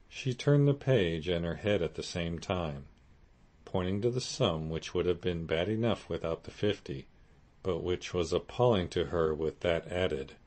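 A man narrating a classic novel as an audiobook in a steady, measured way. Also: sits low. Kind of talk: scripted narration.

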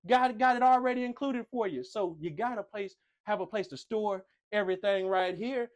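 A man with a fairly high voice leads a walk-through of a home. He talks like a playful showman, cracking jokes and bragging about himself as he goes. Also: normal speed. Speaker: tour host. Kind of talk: enthusiastic home tour presentation.

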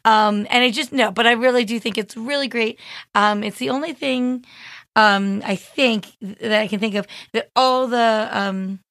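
A woman's voice: on the high side, steady tone, normal speed, a bit bright, dry recording, clean studio sound. A woman co-hosting a podcast in casual chat, chatty and giggly, rambling. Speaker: podcast co-host.

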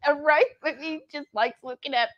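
Giggly high-voiced woman reading comments. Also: moderate pace, a bit bright, highs cut off. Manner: giggly, laughs often while reading comments aloud. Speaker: co-host of a cooking livestream. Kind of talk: casual chat reading viewer comments.

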